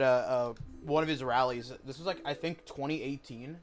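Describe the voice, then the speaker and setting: A man's voice: mid-range voice, normal speed, hardly any pauses, faint music behind. A young man giving casual gameplay commentary, rambling and opinionated, with frequent swearing. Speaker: gaming streamer.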